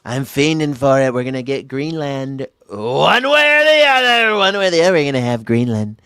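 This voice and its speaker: A man's voice: medium pitch, very animated, normal speed, fairly bright tone, clear, resonant tone, no room sound, studio quality. A man doing a mocking impression of a boastful male president who repeats himself. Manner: repetitive, swaggering.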